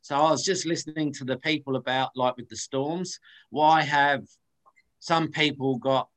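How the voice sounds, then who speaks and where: A man asking a long, halting question on an online call, with hesitations and restarts. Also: fairly high pitch, steady tone, a bit bright, poor audio.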